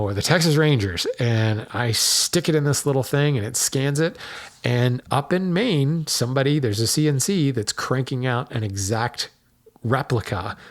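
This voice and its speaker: A man talks through a solo podcast episode in a relaxed, chatty way. His pitch sits in the middle of the usual male range, and he keeps stopping to correct himself, adding ums and asides as he explains. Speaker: podcast host. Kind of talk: casual solo podcast talk.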